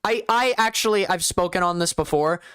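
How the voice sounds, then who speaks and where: A streamer with a light Southern US lilt chats loosely through live commentary, rambling and poking fun at themselves. The voice is smooth and resonant. The sound is close and dry. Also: medium pitch, fairly quick, a bit bright, dry recording. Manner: chatty, rambling, self-deprecating.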